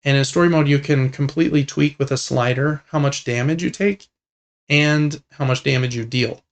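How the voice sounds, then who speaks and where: A man co-hosting a gaming podcast, chatting casually in a relaxed, rambling way with lots of fillers. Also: medium pitch, normal speed. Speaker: podcast co-host. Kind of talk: casual chat about video games.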